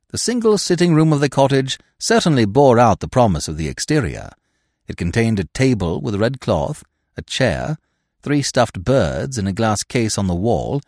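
A man reads a classic story aloud in scripted narration, wry and expressive. His pitch ranges very widely, and the dry, close recording carries no room sound. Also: dry recording. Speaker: audiobook narrator.

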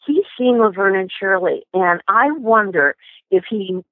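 An older woman, a guest in an interview, tells lively anecdotes and often restarts her sentences. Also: medium pitch, a little slow, dry recording. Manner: animated anecdotes with many restarts. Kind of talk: storytelling interview. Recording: tinny phone line.

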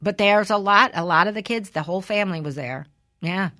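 A woman in her forties who hosts a podcast, chatting casually and telling an animated story that retells conversations. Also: mid-range voice, fairly quick. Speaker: podcast host. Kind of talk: casual chat.

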